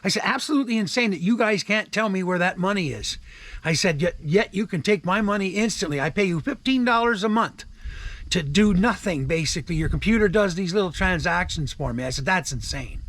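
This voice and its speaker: An older man with a Canadian accent rants about his grievances, swearing freely and retelling every exchange with "I said". His voice sits high, and the recording is dry and close, with no room echo. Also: lively intonation, brisk, fairly bright tone. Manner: profane, repeats "I said" while retelling calls. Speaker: vlogger. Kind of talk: angry ranting monologue. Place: home in the wilderness.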